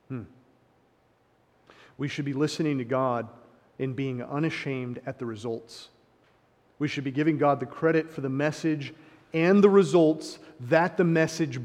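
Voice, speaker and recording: Impassioned preacher in a reverberant hall. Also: male voice, a little high. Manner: impassioned, swinging from hushed to emphatic; sarcastic paraphrasing of opponents. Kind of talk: sermon.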